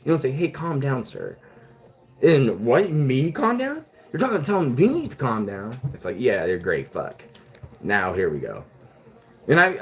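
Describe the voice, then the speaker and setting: A man with a past as a police officer, talking casually and bluntly with lots of swearing. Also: mid-range voice. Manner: blunt, heavy swearing, animated. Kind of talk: casual talk.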